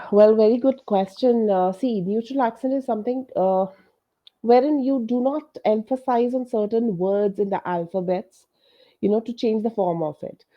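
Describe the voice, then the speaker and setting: A woman's voice: a little high, normal speed. Casting note: woman, Indian English accent, patient pronunciation coach, explanatory, slightly dull call audio. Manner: explanatory, frank, uses many fillers like "you know". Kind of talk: online coaching session.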